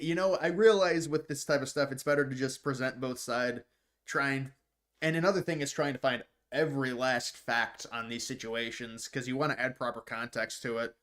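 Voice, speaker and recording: A man hosting a casual live stream, reading out viewer questions and answering them off the cuff at an average pitch. He rambles and trips over the starts of his sentences, repeating words before the thought lands, and slips into scornful, mocking asides. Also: steady tone, normal speed, fairly bright tone.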